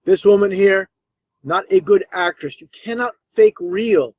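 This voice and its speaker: A man's voice: high voice, measured pace, dry recording, highs cut off. A man giving scornful, insistent commentary over old clips. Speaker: video commentator.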